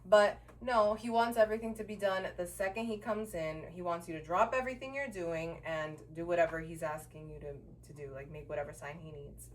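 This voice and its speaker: A woman's voice: on the low side, fairly quick, hardly any pauses, distant mic, slight background noise. A woman co-hosting a podcast, casually telling a story and acting out the people in it, swearing freely. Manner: animated storytelling, acts out the people she quotes. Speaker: podcast co-host. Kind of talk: casual chat.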